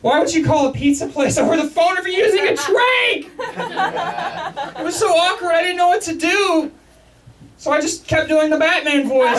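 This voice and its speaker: A man from Texas performs a stand-up set in a small club, self-mocking and animated. His pitch swings widely from line to line, and he sounds a little distant from the microphone, with the room around him. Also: moderate pace, a crowd in the background. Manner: self-mocking, animated, repeats words when starting sentences. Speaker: stand-up comedian. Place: comedy club basement, live audience.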